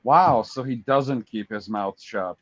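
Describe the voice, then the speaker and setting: A man's voice: mid-range voice, takes it slowly. A man co-hosting a livestream, making teasing, sarcastic interjections in casual banter. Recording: dull lo-fi mic.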